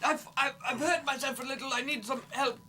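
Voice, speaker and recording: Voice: sits high, fairly even intonation, a little fast, pushed and bright, recorded from a distance, a little hiss or hum, voice pushed up. Player doing a stammering frail old man. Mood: pained. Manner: flustered, stammering. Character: clumsy frail old man who keeps falling.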